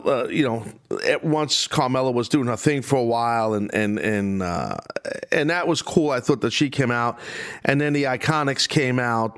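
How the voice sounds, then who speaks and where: A man's voice: mid-range voice, fairly bright tone. A man hosting a podcast, giving casual, opinionated commentary that rambles and drifts off on tangents. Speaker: podcast host.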